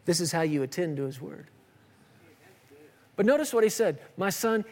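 A man's voice: sits high, animated, moderate pace, pauses often, darkish tone. A man in his thirties preaching a sermon, emphatic and repetitive with playful asides. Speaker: pastor. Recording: long hall reverb.

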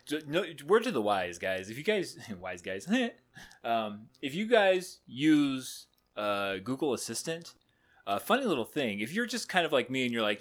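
A man co-hosting a casual podcast, sleep-deprived and rambling in energetic rants full of fillers. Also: a little high, moderate pace. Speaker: podcast co-host.

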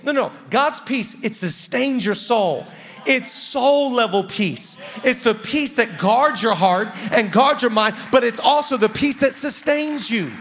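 A middle-aged man from the United States preaching a sermon as pastor, energetic, with quick asides to the congregation. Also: very high voice, a faint crowd. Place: church auditorium. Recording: long reverb of a large hall.

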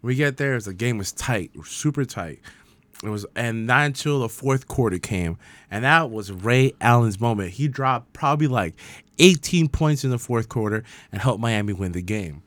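A man's voice: medium pitch, normal speed, dry recording. Chatty young man. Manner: animated anecdote-telling with slang and swearing. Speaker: podcast co-host. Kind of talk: casual chat, storytelling.

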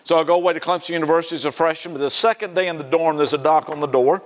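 A man's voice: on the high side, fairly even intonation, racing. A man preaching a sermon in a conversational way, often asking the congregation rhetorical fill-in questions. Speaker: pastor.

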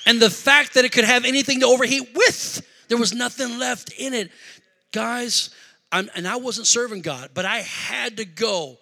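A man preaching a sermon through a personal story, animated, shouting at the high points and dropping low for asides, in a large hall. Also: moderate pace, vocal fry. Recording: echoey hall reverb.

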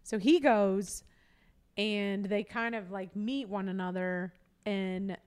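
A woman's voice: mid-range voice, fairly even intonation, slow pace, a little mellow, smooth. A woman co-hosting a podcast, retelling movie scenes in casual chat, acting out the quotes and laughing often. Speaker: podcast co-host.

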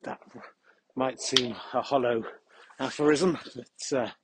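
A man hosting a podcast, talking in a deadpan, mock-serious ramble while walking a dog through the countryside. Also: medium pitch, takes it slowly, noisy background. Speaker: podcast host. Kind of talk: comic rambling monologue on a walk.

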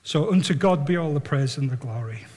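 A man preaching a sermon and telling stories, animated and earnest, often repeating words as he builds up. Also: on the high side, fairly quick, long reverb tail. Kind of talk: sermon with storytelling.

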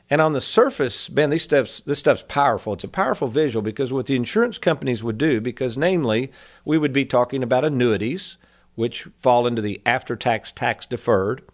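A man in his fifties hosting a financial advice radio show, talking in a folksy, conversational way and calling listeners "folks.". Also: mid-range voice. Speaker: financial advisor radio host. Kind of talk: casual radio talk.

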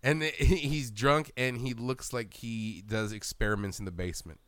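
A man co-hosting a podcast, chatting loosely about a horror movie, excitable and profane, laughing often. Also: medium pitch, moderate pace, no echo. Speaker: podcast co-host. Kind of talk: casual movie commentary chat.

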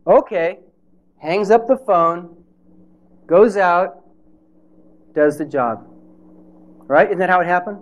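A man's voice: high-pitched, takes it slowly, long pauses, highs cut off. A man preaching a sermon in a conversational way, with rhetorical questions and playful asides.

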